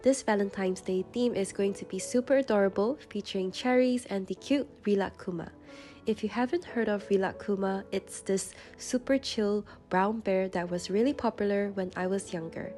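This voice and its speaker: Congested from a runny nose, a young woman with a slightly stuffy voice gives a calm, gentle voice-over for her journaling channel at normal speed. Her mellow, warm tone sits at a middle pitch while soft music plays quietly beneath.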